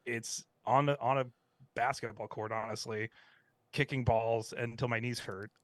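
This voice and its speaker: A man's voice: medium pitch, fairly even intonation, normal speed, no room sound. Podcast co-host, male, reflective and sincere, dry close sound. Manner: reflective, earnest. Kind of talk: casual podcast chat.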